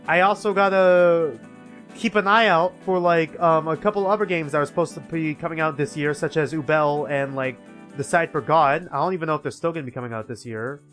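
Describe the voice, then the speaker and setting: A man's voice: on the high side, fairly quick, a bit bright, faint music behind. A young man streaming a game, chatting casually, swearing freely and reading the story aloud.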